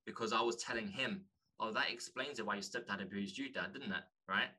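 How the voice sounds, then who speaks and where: Man for a guest spot, earnest and halting, fairly low and very bright tone. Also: husky. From London, England. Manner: earnest, halting, restarts often. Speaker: podcast guest, author. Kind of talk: candid conversation.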